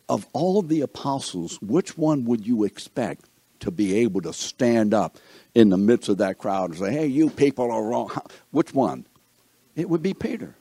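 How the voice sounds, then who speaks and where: Animated, husky Bible teacher. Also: male voice, mid-range voice, no room sound. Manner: animated, asks the class questions. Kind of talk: Bible lesson.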